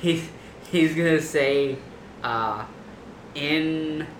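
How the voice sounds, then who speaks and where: A man at a tabletop game with a fairly high voice, speaking hesitantly and stumbling through fillers. His voice has a roomy echo. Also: very slow, a little hiss or hum. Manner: hesitant, then laughing. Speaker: player. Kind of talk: casual tabletop chat.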